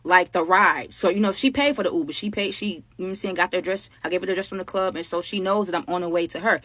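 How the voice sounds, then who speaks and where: A young woman, telling a storytime vlog to her viewers in a casual, animated, slangy way. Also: on the low side, fast talker, no echo. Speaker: storytime creator.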